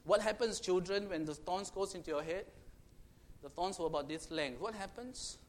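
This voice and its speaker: High-voiced preacher with a style lilt. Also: male voice, moderate pace. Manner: dramatic storytelling, swings between loud and hushed. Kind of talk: sermon to children.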